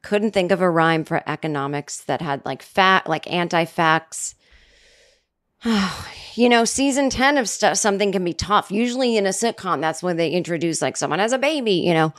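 A woman's voice: lowish voice, moderate pace. Rambling, sarcastic woman podcast host. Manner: rambling, sarcastic, self-interrupting, with many restarts; lively, jumping up for mock quotes. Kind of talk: casual comedic monologue.

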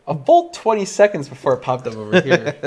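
A man's voice: a little high, wildly swooping pitch, brisk. A young man hosting a casual livestream chat, tired and yawning, rambling and laughing often. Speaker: livestream host.

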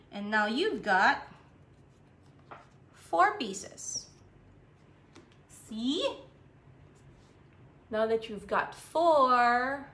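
Filipino woman, preschool art teacher on a live stream, high and crisp, patient kid-friendly delivery. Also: a bit bright, slight background noise. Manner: cheerful, slow, sing-song talk to young kids. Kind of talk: live-streamed craft lesson for children.

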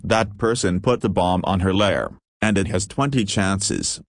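A man's voice: low voice, measured pace, no room sound. A synthetic man's voice narrating and announcing warnings. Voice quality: synthetic text-to-speech voice.

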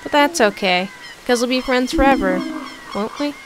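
Woman reading as a gentle forest girl. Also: fairly high pitch, normal speed, very noisy, natural voice. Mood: tender. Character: sweet gentle forest girl, a friend saying goodbye.

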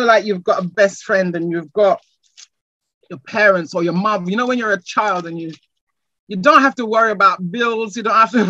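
A woman's voice: on the high side, no echo, lo-fi sound. A woman preaching a sermon, building from chatty asides to fervent, repeated declarations. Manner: rising to fervent shouts, repeating phrases.

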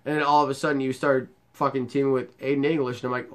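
A man's voice: mid-range voice, little pitch movement, racing, few pauses, fairly bright tone. A young man playing a wrestling video game and commenting crudely and sarcastically as he plays. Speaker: gaming YouTuber. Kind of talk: profane let's-play commentary.

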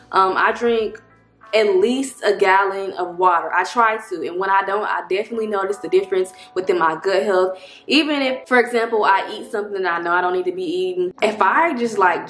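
A woman chats straight to her viewers in a loose, rambling way, her voice sitting in an ordinary middle pitch. She sounds slightly winded. The room gives her words a noticeable echo, with soft music playing faintly underneath. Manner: chatty, rambling, addresses viewers as y'all. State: slightly out of breath. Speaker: vlogger. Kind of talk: casual talking-head vlog.

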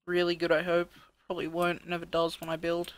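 A let's play host giving casual gameplay commentary, thinking aloud, counting out loud while building, and grumbling at his own work. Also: mid-range voice, monotone, fairly quick.

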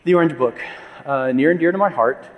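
In a conference hall, a man in his fifties gives a presentation full of anecdotes and wry asides, speaking a little fast in a voice on the high side. The audio sounds narrow and tinny, with the long reverb of a large hall.

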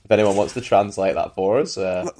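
Man, podcast co-host, somewhat low voice, casual filler-heavy chat. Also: fairly even intonation, a little fast, a crowd in the background. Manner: loose, lots of "like" and swearing. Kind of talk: casual movie-recap chat.

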